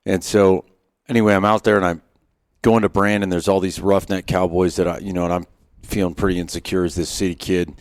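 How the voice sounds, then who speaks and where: Lowish-voiced man telling animated stories. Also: a little fast, clear, resonant tone, no echo, studio quality. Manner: animated, self-deprecating anecdotes with frequent restarts. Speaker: podcast guest, former Marine sniper. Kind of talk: casual storytelling. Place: on a wilderness hunting trip.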